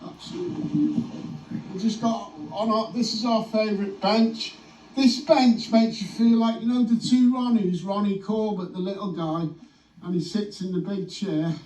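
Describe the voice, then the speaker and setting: A man with a high voice trades swearing jokes and laughs with a friend while vlogging outdoors on a hill. He sits some distance from the camera, and the sound carries with a roomy echo. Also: normal speed, darkish tone. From United Kingdom. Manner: joking, swearing, laughs often. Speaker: metal detecting vlogger. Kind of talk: casual banter to camera.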